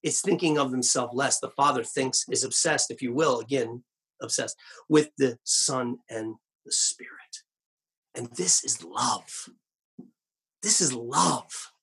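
A pastor delivers his sermon in a markedly husky, breathy voice that sits at an ordinary male pitch. He preaches earnestly and emphatically, dropping his voice low and slowing right down on the phrases he wants to land, with dry asides in between. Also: fairly bright tone. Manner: slows down and drops low on key phrases.

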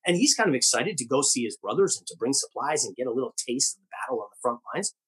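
Man preaching, husky voice, very lively pitch, animated storytelling, rhetorical questions. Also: fast talker. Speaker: pastor. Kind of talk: sermon.

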